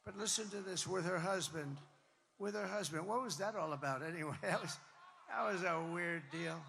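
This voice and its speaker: A man delivers a campaign rally speech into a podium mic, his voice high, gravelly and forceful. He talks emphatically, repeats lines for effect, drifts into asides, and now and then breaks into a shout. The sound rings with the long reverb of a big rally venue. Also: moderate pace, slight background noise. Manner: emphatic, repetitive, rambling asides, bursts of shouting. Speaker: political candidate addressing supporters. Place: large rally venue with crowd.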